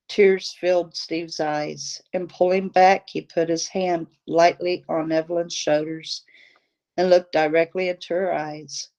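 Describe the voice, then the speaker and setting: A woman reading a novel aloud, telling the story in a steady, deliberate way. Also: on the low side. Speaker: audiobook reader, channel host.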